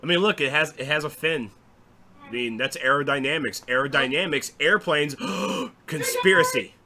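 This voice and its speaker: A man from the United States co-hosting a casual gaming chat, animated and sarcastic. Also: on the high side, fairly quick. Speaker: podcast co-host.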